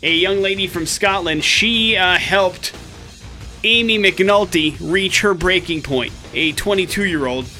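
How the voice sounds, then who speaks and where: Chatty male morning show host, lively storyteller, bright timbre. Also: high voice, slow, soft background music. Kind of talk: casual radio banter and storytelling. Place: radio studio.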